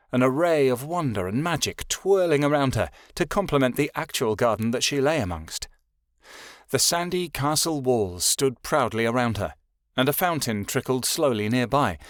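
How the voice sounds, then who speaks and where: A man reading a fantasy audiobook as narrator, in a steady, measured way. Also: mid-range voice, no room sound, clean studio sound. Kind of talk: scripted narration.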